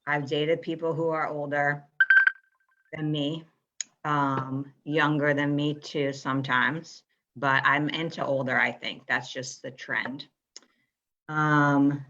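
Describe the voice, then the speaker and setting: A woman in her twenties, a guest joining by video call, chatting casually with dry, deadpan humor. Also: deep voice, slow. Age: 20s. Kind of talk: casual chat with comic asides. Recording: dull lo-fi video call audio.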